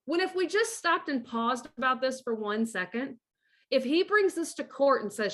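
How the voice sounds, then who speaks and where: A woman's voice: high-pitched, lively intonation, normal speed, fairly bright tone. A middle-aged woman working as a divorce coach talks straight to camera in a blunt, bossy monologue full of swearing. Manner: blunt, profane and emphatic; bossy, gives direct orders. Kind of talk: casual profane monologue to camera.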